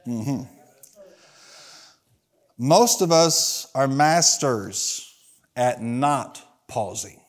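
Male pastor, sermon in church, call-and-response with the congregation, pitch rising and falling with each point. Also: expressive, drawn-out words, pauses often. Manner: acts out quoted people in the stories.

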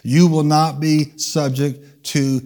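Man preaching with a high voice. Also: little pitch movement, takes it slowly, a little mellow. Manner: preaching, leads call-and-response, shifts pace for emphasis. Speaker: pastor. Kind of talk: sermon. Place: church.

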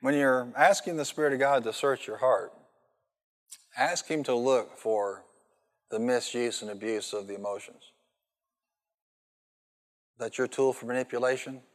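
A male pastor gives an animated sermon that mixes humorous stories with calls for the congregation to answer back. His voice sits at a mid pitch, and each phrase rings out into the long reverb of a large church hall. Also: a little slow, pauses often. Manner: animated storytelling with call-and-response.

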